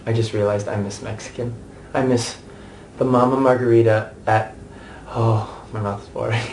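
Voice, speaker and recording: A man's voice: medium pitch, flat delivery, normal speed, darkish tone, a little hiss or hum. An American man in his thirties, an actor giving a candid, chatty interview with many restarts and asides. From United States.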